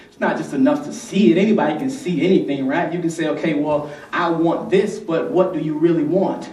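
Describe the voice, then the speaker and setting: Brief: energetic male youth speaker, call-and-response, heard from afar in an echoey hall. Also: a little high, moderate pace, far from the mic. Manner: energetic, rhythmic, rallies the crowd. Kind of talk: motivational speech with call-and-response. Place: large conference hall.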